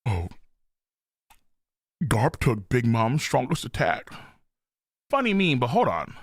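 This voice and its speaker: A man live-streaming his reaction to viewers, excitable and loud, with frequent outbursts and swearing. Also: mid-range voice, takes it slowly. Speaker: streamer reacting to a manga chapter.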